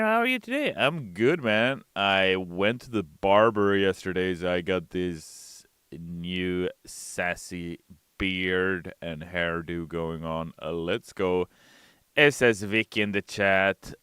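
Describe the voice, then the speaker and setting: A man's voice: low-pitched, steady tone, slow pace, a bit bright, clean tone, no room sound, clean studio sound. A man hosting a casual live stream, reading chat messages aloud and answering them in a playful way. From Sweden. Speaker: streamer host. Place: home studio. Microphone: studio mic.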